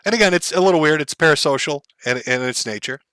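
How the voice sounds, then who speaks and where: Bright-voiced man commentator. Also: on the high side, expressive, clear, resonant tone, no echo. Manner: measured, explanatory, many fillers. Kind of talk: commentary on a stream clip.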